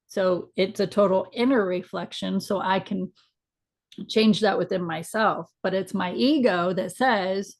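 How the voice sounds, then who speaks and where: A woman's voice: mid-range voice, unhurried, vocal fry. A middle-aged woman co-hosting a casual spiritual chat, talking in a frank, reflective way with some mild swearing. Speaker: podcast co-host.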